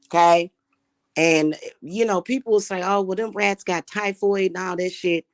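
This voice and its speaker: A woman's voice: fairly low pitch, normal speed, no echo. Woman, casual profane rant to camera, dry close recording. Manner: brash, profane, animated. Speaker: spiritual reader and vlogger.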